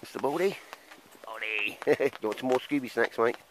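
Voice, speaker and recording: A man's voice: mid-range voice, moderate pace, noisy background. A man chatting casually to camera at an outdoor woodland camp, laughing often and calling people mate. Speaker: bushcraft vlogger.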